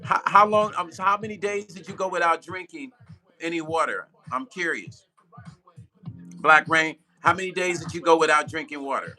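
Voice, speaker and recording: A man's voice: a little high, normal speed, bright, forceful tone. A man hosting a live stream as a music producer. He chats loosely with viewers, repeats himself for emphasis and laughs at his own slips.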